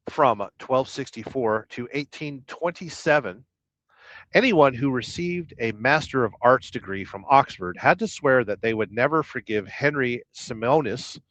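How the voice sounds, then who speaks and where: A man's voice: medium pitch, animated, a little slow, a bit bright, dry recording, lo-fi sound. A man hosting a casual live stream as a truck driver, joking and rambling as he reads viewers' comments aloud from his truck. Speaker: livestream host, truck driver. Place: truck, waiting to unload.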